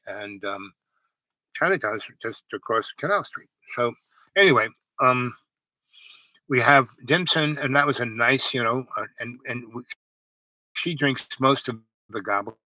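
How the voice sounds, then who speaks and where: A man's voice: medium pitch, sharp tone, no room sound, poor audio. Rambling New man telling a story. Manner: meandering, many restarts and asides.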